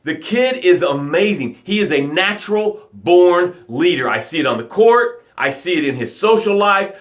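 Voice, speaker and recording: A mid-range male voice leads a live motivational session, using repetition and vivid storytelling while shifting from booming outbursts to quiet, hushed lines.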